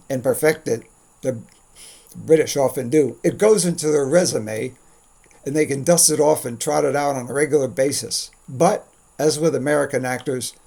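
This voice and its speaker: A man's voice: mid-range voice, vocal fry, darkish tone. A man hosting a scripted commentary monologue, delivered in a dry, wry, opinionated way. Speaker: commentary host.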